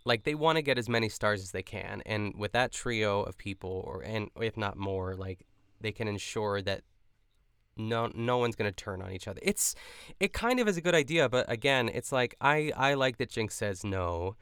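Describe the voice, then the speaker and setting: A young male podcast co-host recaps an episode in casual, chatty talk, packed with fillers and quoted lines. His fairly low voice has a fairly bright, clean tone at a moderate pace, captured in a clean studio with no room sound.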